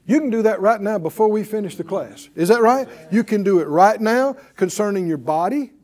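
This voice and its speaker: A man teaching a Bible class in a preaching style, folksy and animated, chuckling often and leading the class in call-and-response. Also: high-pitched, brisk.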